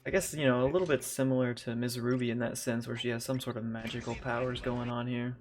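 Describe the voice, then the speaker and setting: A man casually commentating a speedrun race with a relaxed, wry manner, often laughing. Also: medium pitch, fast, a little hiss or hum.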